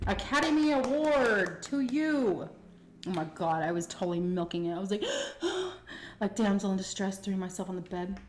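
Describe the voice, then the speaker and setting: A young woman telling a personal story casually while eating, animated and acting out the quotes. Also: lowish voice, fast talker, few pauses, a little hiss or hum. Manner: animated retelling with acted-out quotes. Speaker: mukbang storyteller. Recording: echoey room.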